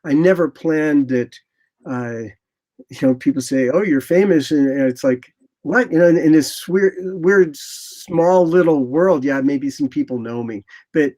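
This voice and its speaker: Older man, sixties, slightly high voice, guest storyteller, lively and rambling. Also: measured pace. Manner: animated, rambling anecdotes with lively quoted asides. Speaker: motorcycle photographer guest. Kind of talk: casual interview storytelling.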